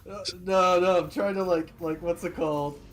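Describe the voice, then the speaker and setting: A man playing in a live-play tabletop game, talking in an animated way and quick to laugh. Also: sits high, poor audio. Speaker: player.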